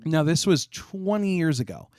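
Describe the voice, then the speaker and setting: Male guest developer, chatty, slightly high voice, dry close mic. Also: big pitch swings, normal speed, a little mellow, dry recording. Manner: chatty, restarts and self-corrects. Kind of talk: casual webinar answers.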